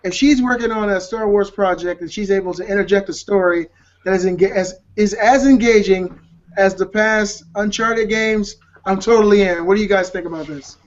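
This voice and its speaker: A man's voice: high voice, moderate pace, highs cut off. A man co-hosting a gaming podcast, rambling with restarts and cracking jokes. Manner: rambling, hesitant, joking. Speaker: podcast co-host. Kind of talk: casual chat.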